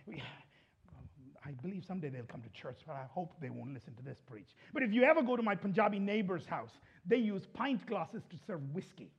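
A man preaching a sermon to a church congregation, chatting and asking the crowd questions, then building to impassioned shouting. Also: sits high, slightly rough, lo-fi sound. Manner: conversational, asks the congregation questions.

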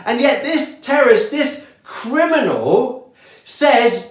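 A pastor delivering a sermon with slow, deliberate preaching, letting key words fall softly for emphasis. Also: mid-range voice, lively intonation. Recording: echoey room.

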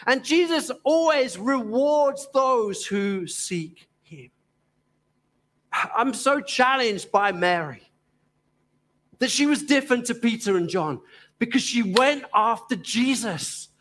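A man with a Cockney accent from East London preaching a sermon in an earnest, gently emphatic way, pausing often. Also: very high-pitched, animated.

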